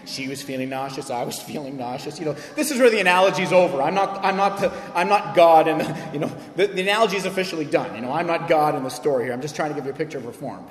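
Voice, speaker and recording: Male pastor, animated sermon delivery, slightly high voice; roomy reverberant hall. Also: quick pace, hardly any pauses. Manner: animated storytelling preacher, acts out quoted voices. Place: church sanctuary. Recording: echoey hall with long reverb.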